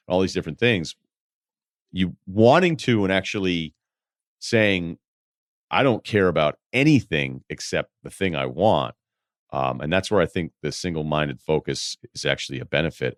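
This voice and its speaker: A man's voice: sits low, no room sound, clean studio sound. A man hosting an advice podcast, talking casually and bluntly, rambling and swearing freely. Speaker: podcast host giving advice.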